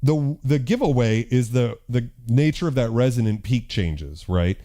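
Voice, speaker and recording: A male host demonstrating synthesizers on a live stream. His voice is dark and mellow. He thinks aloud with a loose, profane, self-mocking manner. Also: medium pitch, animated, unhurried. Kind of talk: casual live-stream demo.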